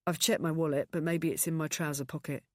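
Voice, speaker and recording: A woman voicing a calm refined man. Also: sits low, no room sound, clean studio sound. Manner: calm, measured, soft-spoken. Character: calm, reserved, refined young British man. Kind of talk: audiobook narration.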